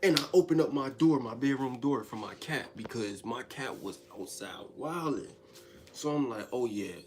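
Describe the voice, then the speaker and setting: A man telling a wild personal story in a casual, profane monologue, swinging between loud outbursts and hushed asides. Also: mid-range voice, measured pace, background noise.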